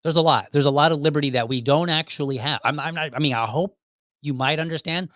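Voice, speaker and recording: A man's voice: fairly high pitch, fast, fairly bright tone, dry recording, studio quality. A man in his thirties hosting a solo podcast, talking casually and with exasperation, full of restarts and quoted asides. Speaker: podcast host.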